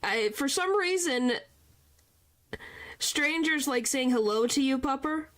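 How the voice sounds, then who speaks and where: Woman streamer chatting to chat, high-ish voice, slow easy talk, faint music behind. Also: lively intonation, a bit bright. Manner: chatty, exclaims and laughs, talks to chat. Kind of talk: casual gameplay streaming chat.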